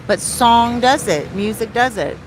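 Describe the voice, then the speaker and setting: A woman's voice: a little high, animated, measured pace, slight background noise. A middle-aged woman, a life coach, chatting casually to camera in a Q&A vlog and wandering off topic as she talks straight to her viewers. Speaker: soul coach hosting a Q&A vlog.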